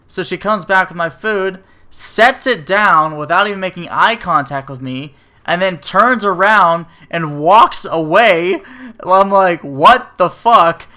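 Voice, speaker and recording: A man's voice: high-pitched, measured pace, few pauses, bright, forceful tone. A man telling a profane, sarcastic rant about bad service in a casual way. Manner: profane, sarcastic, filler-heavy. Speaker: restaurant server telling a story.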